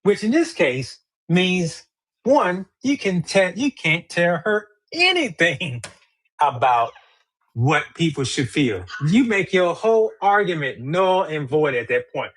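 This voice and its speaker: A man's voice: high voice, very animated, slow, a bit bright. A man hosting a livestreamed debate, arguing in a heated, profane and emphatic way.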